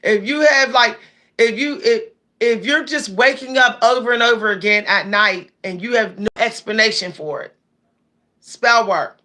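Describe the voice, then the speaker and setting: A woman's voice: fairly high pitch, sharp tone. A woman with hosting a casual livestream, chatting and reading viewer comments aloud. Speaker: livestream host.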